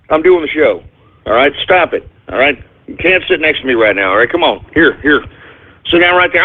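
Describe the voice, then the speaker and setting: High-voiced man hosting radio over phone. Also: lively intonation, normal speed. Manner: exasperated, scolding asides to an unseen crew and a dog. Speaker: radio show host. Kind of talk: comedic talk radio monologue. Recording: phone-like narrow-band audio.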